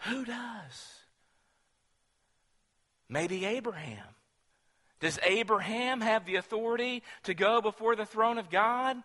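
High, bright preacher in a reverberant hall. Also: male voice, normal speed. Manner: rhetorical questions, rising to loud emphatic declarations. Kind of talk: sermon.

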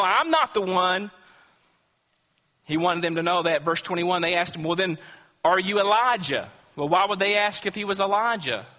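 Speaking in a high, bright, forceful voice, a pastor gives an earnest and emphatic sermon. He dramatizes quotes and throws rhetorical questions at the audience, while long reverb trails him like in a big hall.

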